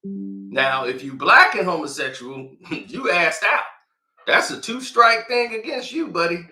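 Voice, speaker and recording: A man's voice: high voice, animated, measured pace, bright, forceful tone, echoey room, faint music behind. A man giving casual, slangy commentary and telling stories, laughing often between lines. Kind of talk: animated commentary and storytelling.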